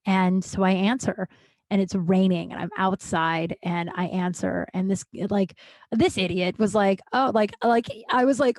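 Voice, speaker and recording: A woman's voice: medium pitch, fairly even intonation, a little slow, darkish tone, dry recording. Chatty woman podcaster telling a story. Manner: chatty, heavy use of "like", acts out quoted voices. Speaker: podcast host. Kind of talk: casual storytelling monologue.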